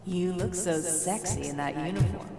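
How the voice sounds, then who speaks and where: An actress playing a young police officer's wife who pleads with him to stay, in an affectionate voice. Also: female voice, on the low side, moderate pace, echoey room, in a large hall, far from the mic, music in the background, lightly acted. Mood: pleading.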